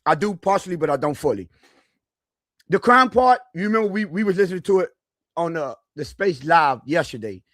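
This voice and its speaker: A man hosting a sports podcast, talking casually and haltingly with frequent restarts. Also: on the high side, expressive, fairly bright tone, no echo, clean studio sound. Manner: halting, hesitant, restarts often. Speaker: podcast host.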